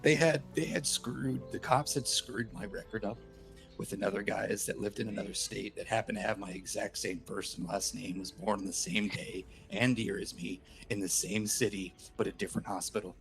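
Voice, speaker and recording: A man's voice: on the low side, steady tone, normal speed, creaky, fairly bright tone, faint music behind. A man in casual stream chat, telling a story in a wry, incredulous way.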